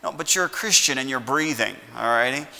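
A man's voice: medium pitch, a little fast, creaky, sharp tone, in a large hall. A middle-aged man preaching a sermon as pastor, folksy, often checking in with "all righty?". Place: church sanctuary.

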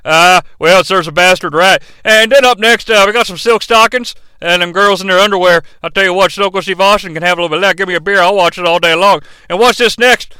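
A man's voice: high-pitched, fast, few pauses, bright, forceful tone, clean tone, dry recording. A man doing a brash, taunting wrestler. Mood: leering. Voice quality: brash drawling swagger. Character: gruff brash male wrestler-turned-referee, profane.

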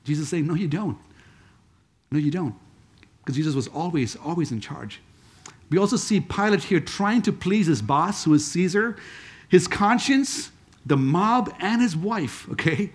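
A man with a fairly high voice preaches a sermon conversationally, throwing in joking asides. His intonation is lively and his pace moderate.

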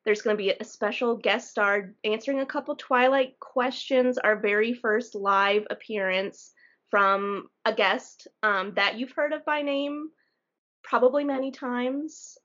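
Chatting and laughing through her stories, this young podcast co-host has a somewhat bright, higher-pitched voice. The audio comes from a dull, lo-fi podcast microphone.

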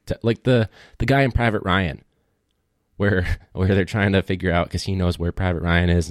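Brief: a low-pitched male teacher, casual rambling talk, dry close recording. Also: darkish tone, dry recording. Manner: rambling storyteller, lots of fillers and asides. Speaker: public school teacher. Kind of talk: casual monologue.

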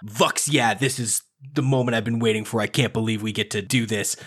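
A man's voice: lowish voice, fairly even intonation, fairly quick, fairly bright tone, husky. Eager rambling man at the game table. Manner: eager, rambling, laughs easily. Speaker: player.

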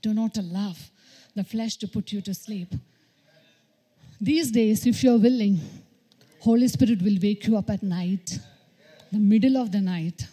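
Woman preaching, mellow voice. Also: medium pitch, a little slow, pauses often. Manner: repetitive exhortation, frequent hallelujahs. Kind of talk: sermon.

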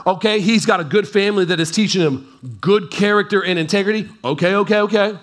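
A man's voice: high voice, a little fast. A man preaching a sermon to a congregation in a loose, conversational way, often checking in with the crowd and adding playful asides. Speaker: pastor. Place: church service in front of a congregation.

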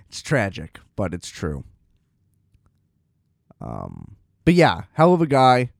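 A man's voice: mid-range voice, huge pitch swings, very slow, gravelly, dry recording, studio quality. A man casually telling a rambling, self-deprecating story, often laughing at himself.

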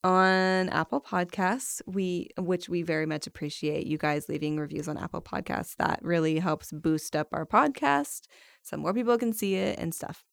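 A woman's voice: on the low side, normal speed, vocal fry, no echo, clean studio sound. A young woman co-hosting a casual podcast, talking in a rambling way with stumbling restarts. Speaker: podcast co-host. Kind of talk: casual chat.

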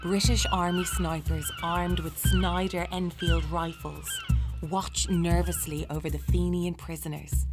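A woman narrating a historical story in a measured, dramatic way. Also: on the low side, wildly swooping pitch, loud music behind the voice.

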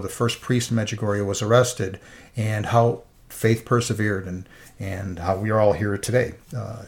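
Middle-aged man, interview guest, emotional personal testimony. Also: on the low side. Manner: earnest, emotional storytelling.

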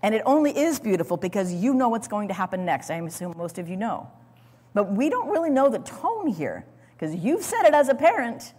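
A woman's voice: mid-range voice, big pitch swings, fairly quick, darkish tone, slightly rough. Woman preaching in a reverberant hall. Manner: dramatic storytelling, repeats words. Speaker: Bible teacher. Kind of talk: sermon.

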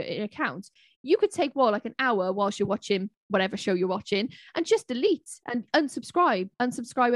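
A woman co-hosting a podcast, her voice sitting a little high as she talks in a chatty, impassioned, rambling way. The sound is close and dry, with no room around it. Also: no room sound. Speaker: podcast co-host. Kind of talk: casual podcast chat.

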